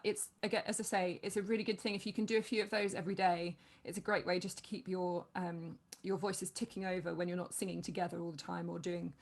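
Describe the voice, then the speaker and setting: A woman with a fairly low voice coaching singers. She talks in a chatty, encouraging way and often stops to say "um". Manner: chatty, encouraging, with many fillers. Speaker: choral singing coach. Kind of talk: online vocal workshop instruction.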